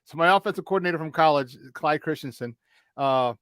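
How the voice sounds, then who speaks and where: An animated male sports talk host chatting casually from a remote virtual studio. His voice sits a little high for a man and bursts with energy. The sound is dry, with no room echo. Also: a little fast, clear, resonant tone. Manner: excitable, animated storyteller.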